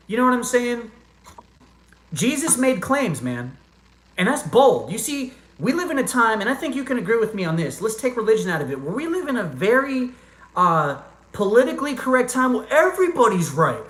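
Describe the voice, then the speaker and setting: A man's voice: big pitch swings, fairly quick, a bit bright. Earnest man in an echoey room. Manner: earnest, talks straight to chatters, calls them brother and man; reads chat comments aloud in a low mumble. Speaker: livestream host answering chat. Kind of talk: casual live Q&A chat.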